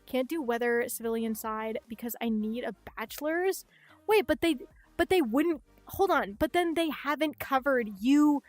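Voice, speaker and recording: Young woman VTuber with a high voice and a dry close mic, faint music behind. Chats casually, rants and swears freely. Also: a little slow, no echo. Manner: animated ranting, frequent swearing, acts out voices. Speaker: VTuber streamer. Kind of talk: casual livestream chat.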